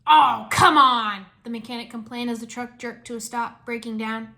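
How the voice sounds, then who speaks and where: A woman reading a fan fiction story aloud in a lively storytelling manner. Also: on the high side, fairly quick.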